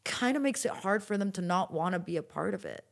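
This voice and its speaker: Young woman, twenties, interview guest, casual chat, fillers and restarts, mid pitch. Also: animated, fairly quick, vocal fry. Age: 20s.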